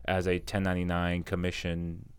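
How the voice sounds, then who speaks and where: A mortgage lender on a podcast, a man who jokes in a dry, deadpan way while telling his story. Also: low voice, normal speed, clean tone, no room sound. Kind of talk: casual podcast banter.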